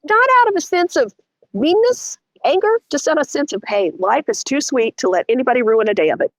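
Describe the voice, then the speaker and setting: A middle-aged woman, telling a story as a guest in an interview, animated and vivid. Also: a little fast, no room sound. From Texas. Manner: animated, vivid storytelling with lots of pitch swings.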